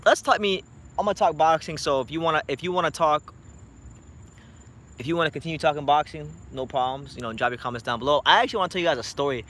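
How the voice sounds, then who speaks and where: A man's voice: fairly high pitch, fast talker, a bit bright. A young man from South Florida, talking boxing in a blunt, profane, joking late-night vlog chat. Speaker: boxing YouTuber.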